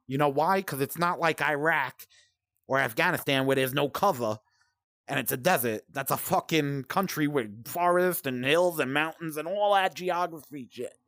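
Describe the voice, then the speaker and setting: A man's voice: on the high side, a bit bright, no room sound, clean studio sound. A middle-aged man from Brooklyn, New York, hosting a gaming channel and ranting heatedly in profane, rambling commentary over gameplay.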